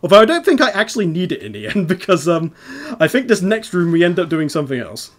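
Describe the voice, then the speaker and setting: Chatty higher-voiced man playing a video game. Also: sing-song, fast. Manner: chatty, rambling, laughs often while explaining. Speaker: let's play host playing the game. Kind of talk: casual gameplay commentary.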